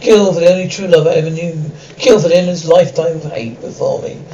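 A man's voice: fairly high pitch, fast talker, dark tone, muffled recording, lightly acted. A man voicing a vengeful ancient vampire lord who gives cold, menacing commands. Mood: commanding.

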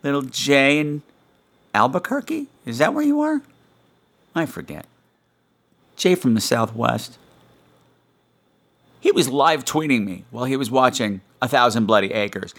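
A man's voice: medium pitch, very animated, unhurried, pauses often, fairly bright tone. A man hosting his own podcast in casual chat, campy and teasing, scolding his listeners in a mock-stern way. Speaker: podcast host. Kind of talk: casual solo podcast talk.

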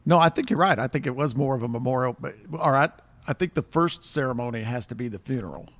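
A man as a podcast guest, chatting in a relaxed and hesitant way. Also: mid-range voice, fast, dry recording. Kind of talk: casual chat.

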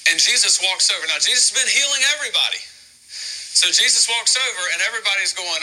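A man preaches to his church in a very bright, piercing voice that sits a little high for a man. He asks his listeners question after question and acts out the scenes of the story. He often stumbles, restarts, and repeats his words as he goes. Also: expressive, fast, rough recording. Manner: asks the congregation many rhetorical questions. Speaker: pastor. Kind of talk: sermon.

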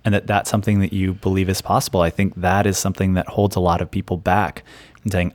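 A man's voice: low voice, little pitch movement, quick pace, dry recording. A man co-hosting a podcast who sums up ideas in a reflective, encouraging way. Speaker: podcast co-host. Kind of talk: casual chat.

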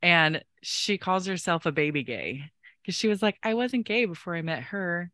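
A podcast co-host chats casually in a lowish voice at a moderate pace, with no room sound. She's an animated storyteller who acts out the voices of the people in her stories.

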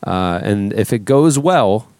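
Relaxed male host, conversational, expressive delivery, close dry studio mic. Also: fairly low pitch, slow, smooth, dry recording. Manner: easygoing, with plugs and audience call-outs. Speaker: podcast host. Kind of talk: casual studio podcast chat.

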